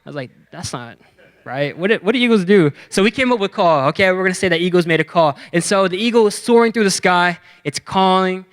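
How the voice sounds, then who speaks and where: A young man giving a youth sermon, energetic and playful, acting out the characters in his stories with slang. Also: high-pitched, fast talker, hardly any pauses, clear, resonant tone. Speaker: youth pastor.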